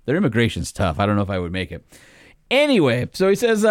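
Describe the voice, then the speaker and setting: A man's voice: medium pitch, fairly quick, no room sound, clean studio sound. A man co-hosting a casual podcast, joking around and reading listener emails aloud with his own asides. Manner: animated, jokey, reads emails aloud with asides. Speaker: podcast co-host.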